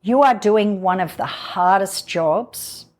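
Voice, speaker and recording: A woman, a guest in her own home, telling a personal story in an emotional, halting way with many fillers. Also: mid-range voice, a little mellow. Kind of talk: candid personal interview.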